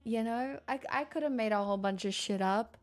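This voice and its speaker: Talking a little fast in a slightly high voice over soft background music, a woman streams and reads her chat. The talk is casual and rambling, candid and profane, punctuated by frequent laughter.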